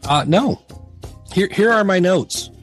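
A man's voice: high-pitched, expressive, takes it slowly, over music. A middle-aged man talking casually on a podcast, candid and rambling, often acting out conversations he had. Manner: rambling, candid, self-deprecating, acts out quoted exchanges.

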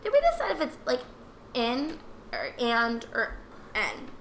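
A woman's voice: fairly high pitch, sing-song, a little slow, a little hiss or hum. A young adult woman hosting a podcast in a playful, chatty, joking way. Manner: playful, jokey, loose and chatty. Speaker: podcast host. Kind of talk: casual chat.

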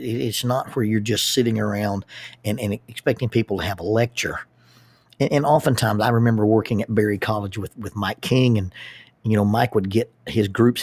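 A man, a public speaker and youth group leader telling a personal story in an animated way, often restarting his words. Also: fairly low pitch, breathy edge, no room sound. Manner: animated, with repeated starts and lively asides.

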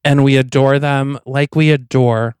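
A man's voice: mid-range voice, level tone, a little slow, darkish tone, clean tone, no room sound, clean studio sound. A man co-hosting a comedy podcast, chatting in playful, exclamatory banter. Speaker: podcast co-host.

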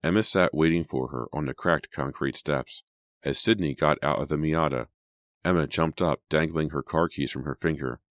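Deep-voiced male narrator for a teen thriller audiobook, measured, dry booth. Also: fairly bright tone, dry recording. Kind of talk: scripted narration.

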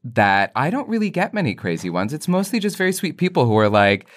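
A man chatting as a podcast guest, telling stories in a lively way and laughing easily. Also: medium pitch, a little fast. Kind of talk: casual conversation.

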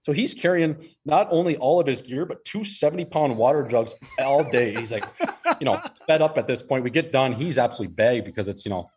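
A man's voice: mid-range voice, lively intonation, fairly quick, a little mellow, slight background noise. A young man in his twenties, a podcast guest, telling a long story in casual, rambling chat, swearing freely. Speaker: podcast guest, hockey player.

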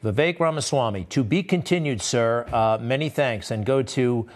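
A man's voice: medium pitch, moderate pace. A man hosting a TV news interview, asking questions in a casual, conversational way. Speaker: TV news host.

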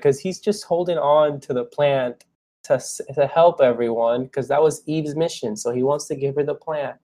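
A man co-hosting a casual podcast chat, excitable and emotional, swearing freely. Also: mid-range voice, unhurried. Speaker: podcast co-host.

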